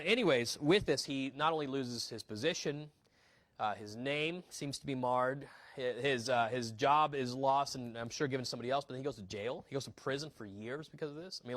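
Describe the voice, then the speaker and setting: Young guy preaching a sermon, earnest, lots of restarts, kinda high voice, dry close mic. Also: fairly bright tone, no echo. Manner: earnest preaching with frequent restarts and acted asides. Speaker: pastor. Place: church sanctuary.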